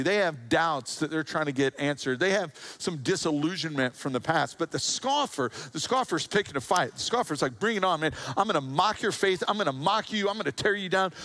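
A man preaching a sermon in a lively storytelling style, slipping into quick jokes between the serious points. His voice sits a little high for a man. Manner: animated storytelling preacher, acting out quotes with humor. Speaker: pastor.

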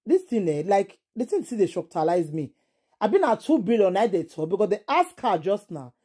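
A woman's voice: medium pitch, darkish tone, breathy edge. A woman with a Nigerian accent giving casual vlog commentary, indignant and exclaiming, firing off rhetorical questions. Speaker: entertainment vlogger.

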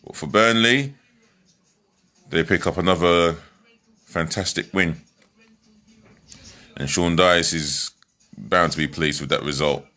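A man's voice: low voice, slow, pauses often, pushed and bright. A man giving a chatty, rambling football match preview from home, full of fillers and restarts. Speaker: football fan vlogger. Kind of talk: casual match preview vlog.

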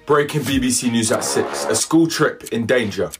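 A man voicing a solemn TV newsreader, announcing in a slow, measured way. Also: mid-range voice, over music, voice pushed down, close to an everyday voice.

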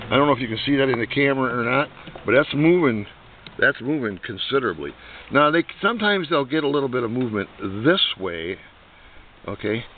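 An older man talks through a motorcycle hub repair in a rambling, repetitive way, again and again asking the viewer to watch closely. His voice sits on the low side. The audio is thin and tinny, with a faint hiss underneath. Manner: rambling, repeats himself, asks the viewer to watch. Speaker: motorcycle hobbyist showing repairs. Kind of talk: casual how-to demonstration.

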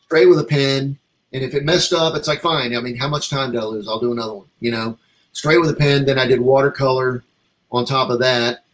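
Rambling storytelling man, mid pitch. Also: brisk, low-quality recording. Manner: rambling, animated, acts out quoted dialogue. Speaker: comic artist guest. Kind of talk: casual interview storytelling.

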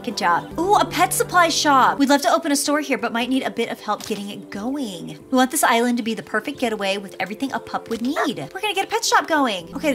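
A high-voiced woman talks over a cute pet game, her voice bouncing animatedly as she coos at the dogs in sweet baby talk. Cheerful game music plays clearly behind her. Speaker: gaming YouTuber. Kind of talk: let's play commentary.

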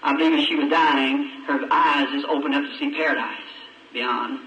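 A man's voice: fairly high pitch, steady tone, normal speed, a bit bright, a little hiss or hum. A man preaching in a folksy, emotional storytelling way with plain country grammar, recorded from a distance on an old roomy sermon tape.

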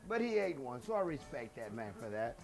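A man's voice: medium pitch, big pitch swings, normal speed, vocal fry, soft background music. A middle-aged man, hosting a casual home cooking show in his kitchen, chatty and boastful, dropping phrases as he goes.

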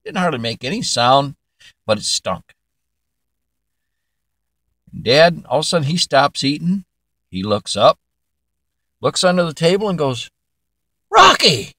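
An older man spins a folksy joke with an easygoing drawl. His voice sits a little high and swings widely up and down. The recording is close and dry. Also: big pitch swings, fairly bright tone, dry recording. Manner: folksy, drawn-out storytelling. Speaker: joke teller. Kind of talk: telling a joke story.

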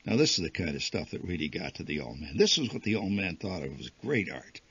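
A man reading a humorous short story aloud in a wry, lively storytelling manner. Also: sits low, a little fast, breathy edge. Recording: dull lo-fi archival recording.

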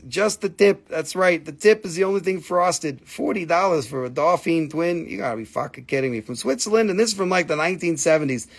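A slightly high-voiced man runs a live crystal sale. His chat is casual and full of jokes and crude asides, and he croons over the stones as he shows them. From Appalachian Valley, United States. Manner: joking, crude asides, sing-song crooning. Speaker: live stream crystal seller.

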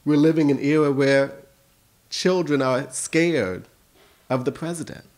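An American man giving a keynote speech, telling stories with passion and swinging from hushed lines to emphatic ones. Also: fairly high pitch, fairly even intonation, a little slow. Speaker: keynote speaker and school principal.

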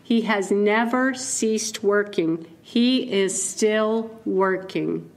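A woman giving a keynote talk as a conversational sermon, playful and animated and laughing at her own asides. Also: mid-range voice, drawn-out words. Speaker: keynote speaker.

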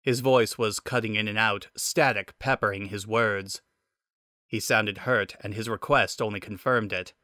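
A man reading a fan-fiction story aloud in steady dramatic narration. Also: on the low side, measured pace, dry recording, clean studio sound.

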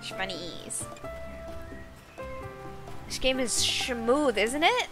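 A woman's voice: a little high, big pitch swings, extremely slow. A woman streamer giving playful, giggly, chatty commentary while she plays a game. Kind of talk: casual gameplay commentary. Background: game music.

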